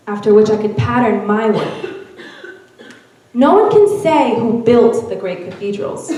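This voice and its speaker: A fairly high-voiced woman reads a story aloud with expressive storytelling. She is heard from a distance in a very echoey church hall. She reads to a gathering. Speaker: reader at a church Mother's Day event. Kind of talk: reading a narrative aloud. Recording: very echoey room, from far off.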